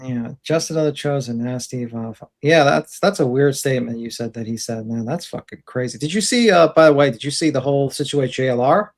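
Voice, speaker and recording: Brief: man co-host, mid-pitched, rambling and chatty, storytelling with restarts. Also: a little fast, few pauses. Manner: rambling storyteller, gives advice. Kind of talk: casual chat.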